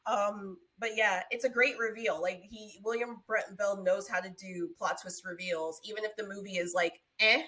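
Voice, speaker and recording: A woman's voice: mid-range voice, fairly even intonation, normal speed, few pauses, pushed and bright. A woman co-hosting a podcast in casual chat, telling stories and acting out quotes with big jumps in her voice. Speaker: podcast co-host.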